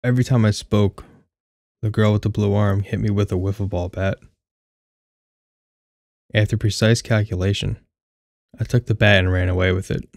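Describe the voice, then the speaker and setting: A man's voice: lowish voice, fairly even intonation, moderate pace, pauses often, darkish tone, no echo, studio quality. A young man reading his own first-person short story aloud, with a wry, candid, casually profane manner. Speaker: audiobook narrator.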